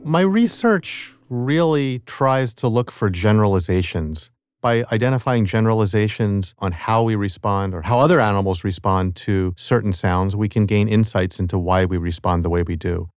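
A middle-aged man, a professor of ecology and evolutionary biology, explaining his research in a measured, academic way in an interview clip. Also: on the low side, smooth, no echo, studio quality. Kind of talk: interview clip in a narrated podcast.

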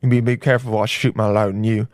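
A man's voice: fairly low pitch, flat delivery, fast talker, darkish tone, no echo, studio quality. A man hosting a comedy podcast, rambling crudely and laughing at his own jokes. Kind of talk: casual comedy podcast monologue.

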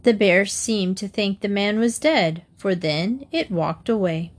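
A woman narrating children's fables in a gentle, measured storybook reading. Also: medium pitch.

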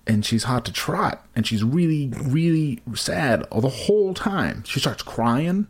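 A man's voice: mid-range voice, animated, measured pace, hardly any pauses, husky. A man telling a crude, rambling comic story in casual podcast chat, full of fillers and restarts.

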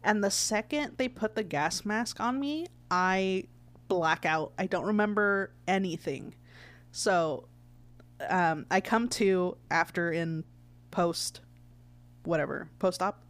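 A woman's voice: on the low side, slow. A young woman casually telling a funny personal story, giggling often and acting out what people said. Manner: giggly, animated retelling with acted quotes. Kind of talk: casual chat.

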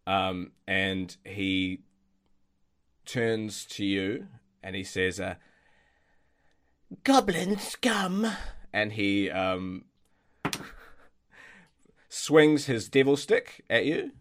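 Game master, male, low voice, halting, full of fillers and restarts. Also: clear, resonant tone. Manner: hesitant, many fillers and restarts. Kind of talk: narrating a tabletop game.

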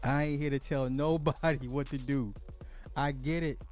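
A man hosting a podcast, giving animated, joking commentary and repeating phrases for effect. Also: mid-range voice, normal speed, soft background music. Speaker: podcast host. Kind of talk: casual comedic commentary.

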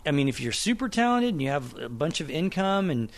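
A man's voice: fairly high pitch, brisk. A middle-aged man, a screenwriter guest on a podcast, telling stories casually and acting out other people's lines. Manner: animated, acts out quoted voices in anecdotes. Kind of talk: casual storytelling interview.

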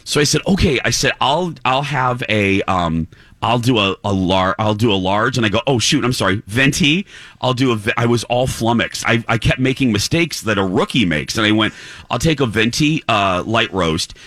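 Bright-voiced man telling a story on radio. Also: on the low side, moderate pace, no room sound. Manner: animated self-deprecating storyteller. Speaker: morning radio host. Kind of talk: casual morning radio chat.

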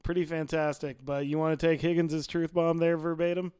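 Podcast dude with a smooth clear voice, a bit high, laughing at the quotes. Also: male voice, flat delivery, brisk, a little mellow, no room sound, studio quality. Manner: laughs often, quotes lines with relish. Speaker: podcast co-host. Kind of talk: casual chat about a TV episode.

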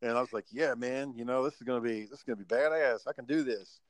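A man's voice: mid-range voice, quick pace, dry recording. A man telling a story in casual podcast chat, cursing freely and acting out his own past lines. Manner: swearing, animated storytelling.

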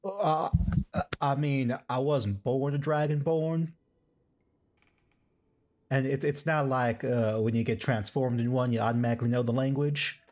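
A man voicing a centuries-old male dragonborn in a put-on Southern drawl, halting and rambling. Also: mid-range voice, a little mellow, natural voice. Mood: musing.

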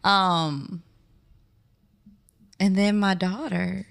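A young woman, a podcast guest, talking casually and telling animated stories with frequent laughter. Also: medium pitch, drawn-out words, gravelly.

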